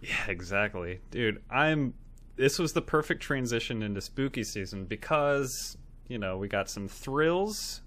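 A man's voice: mid-range voice, animated, unhurried, fairly bright tone. A man co-hosting a movie podcast, easygoing and enthusiastic in casual chat. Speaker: podcast co-host.

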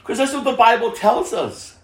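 A man preaching a sermon as pastor, impassioned and full of rhetorical questions, dropping from loud to hushed. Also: extremely high pitch, expressive, moderate pace, reverberant.

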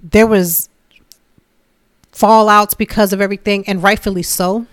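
A woman in her thirties talking candidly and from the heart about her own life, in a relaxed conversational way. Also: medium pitch, a little slow, no room sound, clean studio sound. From Philadelphia area. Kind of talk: casual personal talk.

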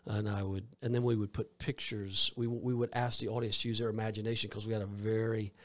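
A man's voice: on the low side, flat delivery, quick pace. A man with a Southern US accent, a minister telling stories in an interview in a rambling way, with frequent restarts. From Georgia, US. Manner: rambling, with many fillers and restarts. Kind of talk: storytelling in an interview.

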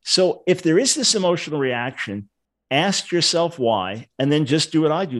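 A man's voice: fairly high pitch, animated, normal speed, a bit bright. An older man, a Bible scholar, explaining his view earnestly in a casual livestream discussion.

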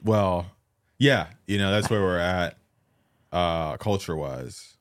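Man, deep voice, casual podcast chat, hedging, lots of "like", dry close mic. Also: no room sound. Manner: hedging, halting, heavy use of "like". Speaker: podcast co-host.

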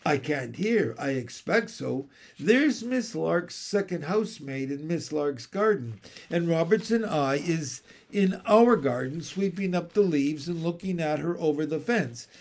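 A man's voice: fairly high pitch, expressive, a little slow, vocal fry, hardly any pauses, full character voice. A man voicing a curious young boy who chats and describes what he sees, in a storybook reading. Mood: chatty. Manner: chatty, describing.

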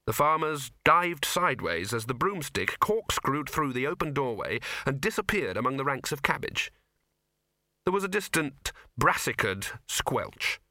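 A male narrator reading a comic fantasy audiobook with expressive storytelling. His tone is bright with a lively rise and fall, recorded close and dry. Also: medium pitch, a little slow, dry recording. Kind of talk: scripted narration.

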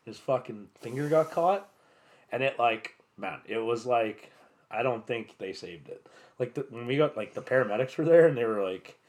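A man's voice: mid-range voice, lively intonation, moderate pace. A man casually telling a rowdy campground story on a podcast, swearing constantly and acting out what everyone said with bursts of laughter. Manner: laid-back, swears constantly, acts out quotes with laughter.

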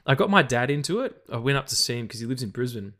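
Man, podcast co-host, casual, rambling, stuttering restarts, sweary, mid pitch. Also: lively intonation, fast, bright, forceful tone. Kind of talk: casual film podcast chat.

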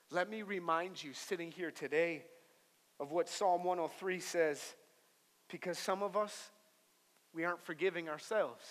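A young male pastor with a high, ringing, sharp-edged voice preaches in a church hall. His delivery moves between hushed, confiding stretches and loud, emphatic passages, with playful character voices when he tells a story. His words hang in a long hall reverb. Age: young adult. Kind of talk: sermon. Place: church auditorium.

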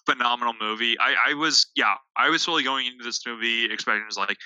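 Bright-voiced young man chatting films. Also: medium pitch, quick pace, clear, resonant tone, no echo, poor audio. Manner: stammering restarts, acting out quoted dialogue. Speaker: movie reviewer. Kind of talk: casual chat.

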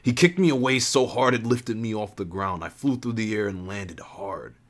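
A man's voice: on the low side, moderate pace. A man reading a first-person story in an earnest voice, often stopping to restart and reread lines.

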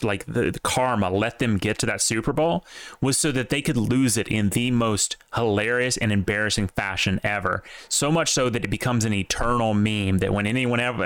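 A young man co-hosting a casual sports podcast, animated and swearing, with big jumps in pitch when excited. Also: dry recording. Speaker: podcast co-host.

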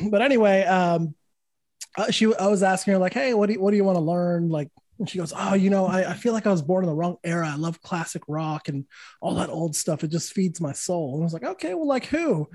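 A man's voice: sits high, animated, fairly quick, darkish tone, no room sound. A man in his thirties, a podcast host and guitar teacher, telling stories in casual conversation, swearing freely and acting out the voices of the people he quotes.

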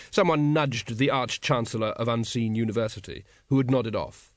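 A man narrating an audiobook in a wry, expressive way. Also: mid-range voice, moderate pace, hardly any pauses, no echo, clean studio sound.

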